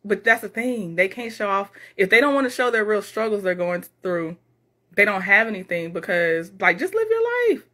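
Bright, chatty woman live streamer. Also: medium pitch, normal speed. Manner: animated, laughs often, chatty. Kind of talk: casual live chat reading comments.

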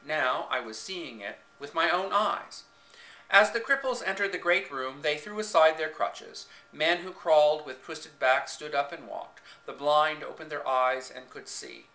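A man's voice: fairly high pitch, pushed and bright. A man reading a story aloud in the first person with dramatic expression, recorded on a home camcorder in an echoey room. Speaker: reader.

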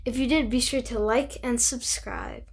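A woman's voice: on the high side, steady tone, normal speed, slightly rough. A woman reading a children's picture book aloud, bubbly and chatty, stopping to comment on the pictures.

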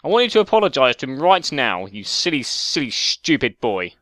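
A man's voice: mid-range voice, sing-song, a little fast, fairly bright tone, no room sound. A man putting on a posh British voice as a fussy, indignant older brother over voice chat. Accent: put-on posh British. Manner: fussy, indignant, overly polite.

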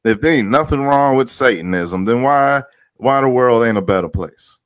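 A man rants to his viewers in heated, profanity-laced commentary. His voice sits at an ordinary middle pitch and he hammers his points by repeating them. The sound is close and dry. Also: lively intonation, normal speed, no echo. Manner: heated, emphatic, swears a lot, repeats himself; greets viewers by name. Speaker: vlogger.

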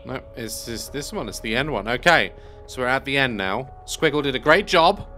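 A man's voice: medium pitch, animated, moderate pace, pushed and bright, faint music behind. A man giving let's play commentary on a video game, chatty and bemused, thinking aloud as he plays. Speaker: gaming YouTuber.

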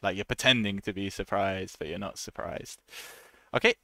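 A man teaching an English lesson in a chatty, relaxed way, laughing often and acting out short example voices. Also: low voice, moderate pace, no echo. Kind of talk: casual online English lesson.

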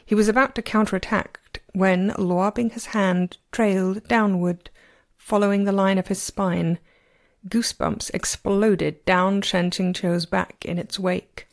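A woman narrating a fan audiobook, her reading steady and expressive. Her voice sits at a middling pitch, with no marked color or recording fault. She is an amateur reading for other fans. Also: unhurried. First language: not Chinese. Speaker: amateur reader.

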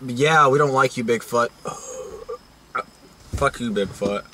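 Bright-voiced man hosting a joking vlog. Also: medium pitch, slow pace, slight background noise. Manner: rambling, jokey, lots of fillers and restarts. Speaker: vlog host. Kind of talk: casual crude joking chat.

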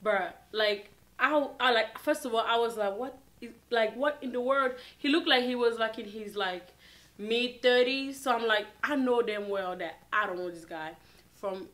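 A woman vlogger telling a personal story in casual, animated storytime style, with lots of filler words. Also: on the high side, normal speed. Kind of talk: storytime vlog.

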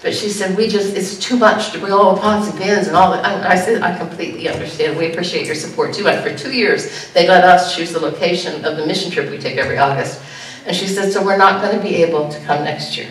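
A woman pastor giving an animated sermon, jumping to high exclamations now and then. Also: slight background noise. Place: church sanctuary. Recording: echoey church room heard from a distance.

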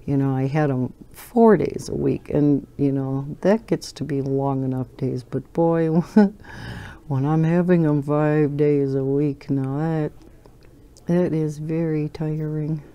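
A woman's voice: low-pitched, steady tone, slow, mellow. An older woman hosting a coloring channel, chatting at home in a rambling way while she colors, with lots of fillers and fond laughs. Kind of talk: casual chat while coloring.

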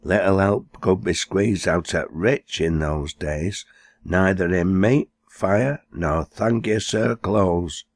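A man with a Lancashire accent recites dialect verse in a very low, deep voice. He takes his time over every line, and the sound is dry and close with no room around it. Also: takes it slowly, dry recording. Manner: recites broad dialect verse, lifting his voice for quoted characters. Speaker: poetry reader.

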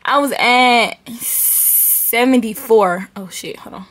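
A woman's voice: a little high, slow pace, fairly bright tone. A young woman, chatting informally and directly to her viewers on a vlog, recorded on a camera mic. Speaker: vlogger. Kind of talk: casual vlog chat to camera.

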